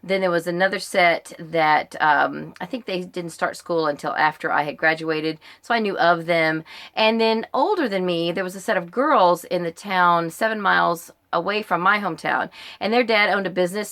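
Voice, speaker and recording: American lady in her middle years reading off tag questions, lots of ums, kinda low voice. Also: a little fast, fairly bright tone. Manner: chatty, rambling, frequent ums and uhs. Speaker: book vlogger. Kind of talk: casual tag video answering questions.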